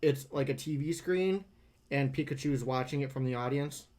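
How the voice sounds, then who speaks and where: A man's voice: mid-range voice, normal speed, darkish tone. A man co-hosting a podcast, chatting casually and rambling as he searches for words. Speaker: podcast co-host. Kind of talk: casual banter.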